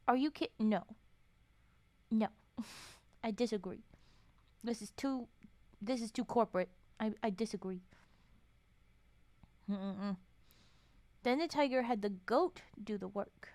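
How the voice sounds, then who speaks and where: Woman streamer, storytime reader, a touch high, chatty asides between read lines, dry close sound. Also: darkish tone, no echo. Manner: chatty, swears and laughs, interrupts the reading with comments. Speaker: streamer reading folktales. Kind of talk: casual storytime stream with reading aloud.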